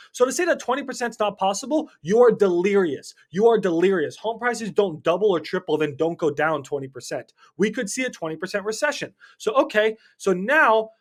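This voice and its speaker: A man's voice: very high voice, fairly bright tone. A man giving a heated, blunt monologue on real estate investing, swearing, mocking his listeners and repeating points for emphasis. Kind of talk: ranting video monologue.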